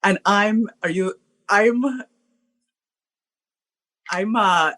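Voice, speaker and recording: A woman guest telling a story in a casual, animated way, laughing often and using lots of fillers. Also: mid-range voice, very slow.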